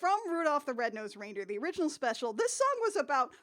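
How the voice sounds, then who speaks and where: Woman, podcast co-host, dry sardonic remarks, bright high voice. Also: big pitch swings, quick pace. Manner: dry, sardonic film commentary. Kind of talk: casual podcast chat.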